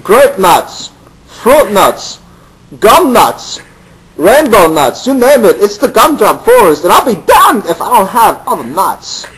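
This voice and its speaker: A man's voice: high voice, very animated, takes it slowly, a bit bright, breathy edge, heavily acted, low-quality recording. A man voicing a cheerful, crude male squirrel in a kids' storybook reading, with a bouncy, sly way of talking.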